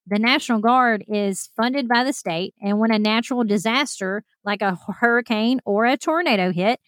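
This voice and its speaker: A woman hosts a podcast, telling a personal story in an animated, self-deprecating way and talking straight to her listeners. Her voice sits a little high. The sound is close and dry, with no room around it. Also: no room sound. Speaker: podcast host.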